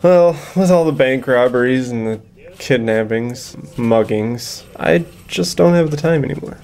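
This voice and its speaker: Man as a condescending police sketch artist, gravelly voice. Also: medium pitch, darkish tone, natural voice. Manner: condescending, measured.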